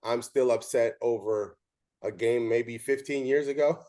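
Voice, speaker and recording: Brief: male interview host, umpire, lively storyteller, average pitch. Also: a little slow. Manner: animated storytelling with quoted dialogue. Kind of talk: casual interview chat.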